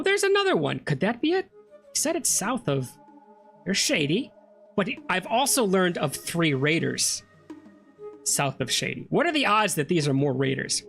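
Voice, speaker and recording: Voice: medium pitch, creaky, a bit bright. Chatty let's play host, joking thru a first playthrough, voice bounces up and down a lot. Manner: chatty, joking, reads game text aloud. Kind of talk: casual gameplay commentary.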